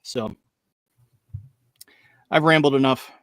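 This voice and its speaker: A man's voice: medium pitch, takes it slowly, a bit bright, dry recording, clean studio sound. A man co-hosting a podcast in casual chat, rambling along, laughing often and acting out lines he quotes. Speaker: podcast co-host.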